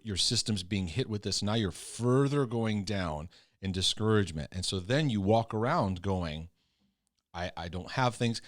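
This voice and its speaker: A man hosting a podcast, talking casually in quick bursts, often repeating words as he thinks. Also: on the low side, no echo, clean studio sound. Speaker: podcast host. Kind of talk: casual conversation.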